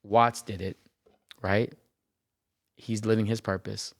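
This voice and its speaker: Earnest low-voiced man with gravelly tone. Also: flat delivery, slow, no room sound, studio quality. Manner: earnest, repeats phrases, tags lines with "right?". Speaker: therapist and podcast host. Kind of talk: personal reflective podcast monologue.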